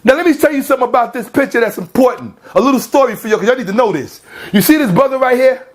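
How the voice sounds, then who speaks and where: A man's voice: very high voice, fast. A man delivering a heated, confrontational rant at a rival, scolding him and repeating pointed questions in slang-heavy street talk. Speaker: online commentator.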